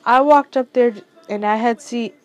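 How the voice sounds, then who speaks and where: A woman's voice: on the high side, soft background music, low-quality recording. Stuffy-nosed woman reading fan fiction. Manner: halting reading, stumbles and corrects herself. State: stuffy nose from crying. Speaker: amateur story reader.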